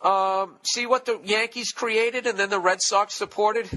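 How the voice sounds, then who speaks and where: Profane, sharp-voiced ranting man. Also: high voice, fairly even intonation, measured pace. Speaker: podcast host. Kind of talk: casual solo podcast monologue.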